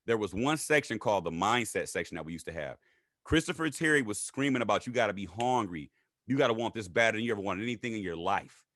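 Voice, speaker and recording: Fast-talking animated man telling a story. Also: no echo, studio quality. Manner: animated, acts out quotes in high voices. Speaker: guest. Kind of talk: casual storytelling interview.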